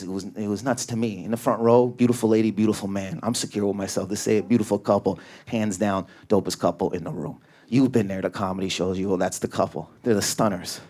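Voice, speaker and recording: A man from Canada doing a stand-up comedy set on a club stage, high-energy and neurotic, often shouting and acting out voices. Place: comedy club stage before a live audience. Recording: live club recording with crowd laughter. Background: audience laughter.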